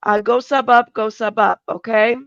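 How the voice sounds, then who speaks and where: A woman in her thirties hosting a livestream, chatting with her guest in a lively, enthusiastic way. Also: a little high, normal speed, creaky, clear, resonant tone, no room sound, muffled recording. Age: 30s. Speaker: livestream host. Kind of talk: casual livestream chat.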